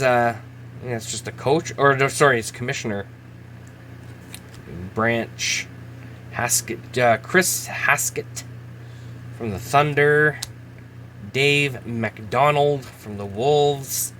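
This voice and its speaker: A man's voice: mid-range voice, slow pace, pauses often, fairly bright tone, a little hiss or hum. Chatty man opening card packs. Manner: chatty, laughs at himself, reads names aloud. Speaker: host. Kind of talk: casual card-opening commentary.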